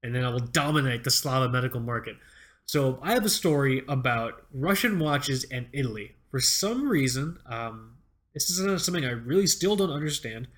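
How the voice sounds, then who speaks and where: A man's voice: mid-range voice, lively intonation, normal speed, fairly bright tone. A young man co-hosting a podcast in casual chat, rambling, swearing and repeating words, often laughing. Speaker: podcast co-host.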